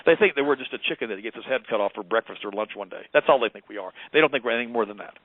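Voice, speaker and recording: A man being interviewed as a guest on a radio talk show, speaking in a rapid, emphatic and preachy way. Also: medium pitch, animated, no echo. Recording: tinny phone line.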